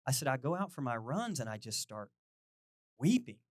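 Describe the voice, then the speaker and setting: A middle-aged male pastor giving a chatty, animated sermon, poking fun at himself and acting out little conversations. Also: mid-range voice, moderate pace, no echo, clean studio sound. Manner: animated, self-deprecating, quotes people in lively voices.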